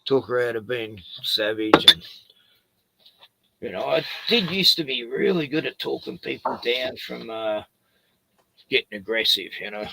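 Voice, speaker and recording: A man's voice: mid-range voice, measured pace, creaky, long pauses, very noisy. A middle-aged Australian man on a stream, telling rambling, profane anecdotes in casual chat.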